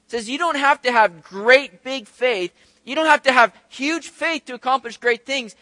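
A male pastor preaching with a light, high voice and a bright, forward tone. He talks to his listeners in a conversational way, throwing out rhetorical questions and slipping into the voices of the people he quotes. The recording is close and dry. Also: normal speed, no room sound. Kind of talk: sermon.

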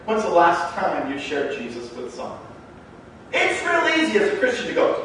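A man preaching a sermon as a pastor, telling stories in an animated way and acting out the dialogue. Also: sits high, moderate pace. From Canada. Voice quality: animated storyteller who acts out the dialogue in his stories. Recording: very echoey hall, mic far off, faint background noise.

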